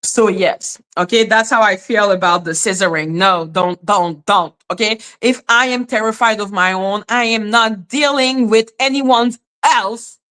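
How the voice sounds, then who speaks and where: Animated laughing woman streamer. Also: mid-range voice, measured pace, few pauses. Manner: animated, laughing, frequent profanity. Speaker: livestream host. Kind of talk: casual livestream chat reading comments.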